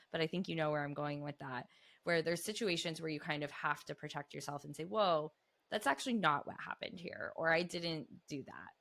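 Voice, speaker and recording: Low-voiced woman host asking questions. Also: gravelly, fairly bright tone. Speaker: podcast host. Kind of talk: casual interview questions.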